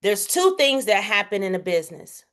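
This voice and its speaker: A woman's voice: medium pitch, sing-song, moderate pace, a bit bright. A woman teaching a bookkeeping workshop in a direct, casual, emphatic way, often checking in with "okay?". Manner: casual, direct, uses slang. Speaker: bookkeeping instructor.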